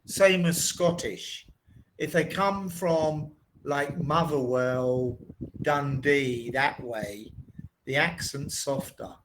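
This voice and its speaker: Slow-talking southern English man. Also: a little high, a bit bright, a little hiss or hum, poor audio. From southeast England. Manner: slow, plain, deliberate speech. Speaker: English tutor. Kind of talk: online English lesson chat. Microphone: video call.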